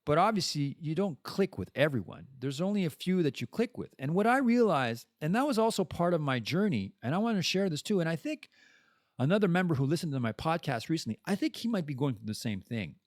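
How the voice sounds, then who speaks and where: Blunt, animated French-speaking man. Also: on the high side, a little fast, no room sound, studio quality. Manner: blunt, swears freely, emphatic. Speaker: podcast host. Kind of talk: candid personal monologue.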